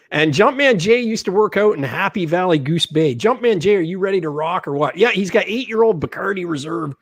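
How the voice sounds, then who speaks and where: A woman hosting a live stream, relaxed, laughing along and reading out viewer comments. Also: on the low side, unhurried, breathy edge. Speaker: live show host reading chat. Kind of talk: casual live-stream chat.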